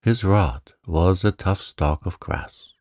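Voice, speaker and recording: Deep, slow, calm male narrator. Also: no room sound, studio quality. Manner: gentle, unhurried storytelling. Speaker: sleep story narrator. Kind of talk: calm bedtime story reading.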